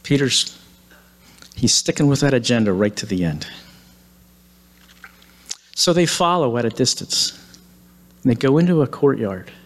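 A man's voice: mid-range voice, lively intonation, unhurried, long pauses. A man preaching, retelling a story dramatically and acting out the quoted lines. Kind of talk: sermon storytelling. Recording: long hall reverb.

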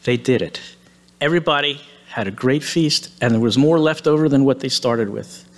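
A man's voice: medium pitch, normal speed. Man retelling a story in a sermon. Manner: lively retelling, casual asides. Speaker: preacher.

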